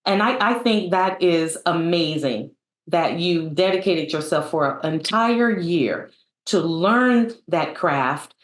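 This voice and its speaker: A woman hosting an interview speaks slowly in a fairly low voice, with lots of fillers and restarts as she affirms her guest. Her voice rings with a roomy echo. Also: expressive. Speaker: interview host. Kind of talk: conversational interview.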